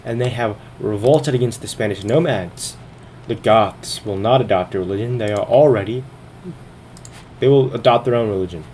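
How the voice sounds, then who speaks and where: A man's voice: lowish voice, normal speed, a little mellow, a little hiss or hum. Man thinking aloud over a strategy game. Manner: thinks aloud, narrating turns. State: a little out of breath. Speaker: gaming video host. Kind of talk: casual game commentary.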